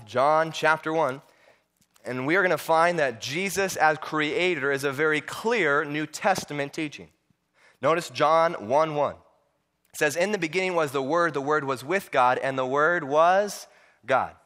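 A man preaching a sermon, telling stories with animated voices and frequent repeated words. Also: fairly high pitch, a little slow.

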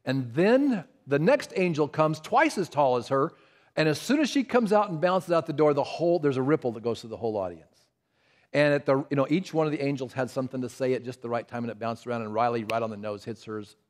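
A man's voice: medium pitch, animated, brisk, a little mellow. An older man preaching a sermon, telling family stories and asking the congregation questions. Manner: storytelling, asks the congregation questions. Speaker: pastor.

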